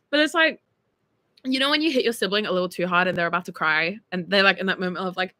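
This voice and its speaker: She's an Australian in her early twenties, giggling through a casual stream chat and reading viewer messages with plenty of fillers. Her fairly high voice comes out rapid-fire, pushed and bright, with no room sound.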